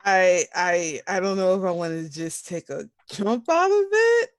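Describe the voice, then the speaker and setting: A tabletop game player who talks slowly and rambles through their moves with self-deprecating hesitations. The voice is at a middle pitch. The sound is dry and close. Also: sing-song, no room sound. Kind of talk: casual tabletop game chat.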